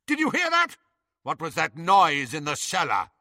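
A man's voice: mid-range voice, wildly swooping pitch, takes it slowly, pushed and bright, no room sound, studio quality, heavily acted. A man voicing a cold, commanding aristocratic villain in an audiobook. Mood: alarmed.

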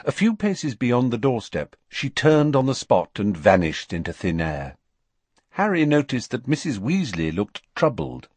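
A man narrating an audiobook chapter in a measured, expressive storytelling manner. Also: fairly low pitch, husky, no room sound. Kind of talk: scripted narration.

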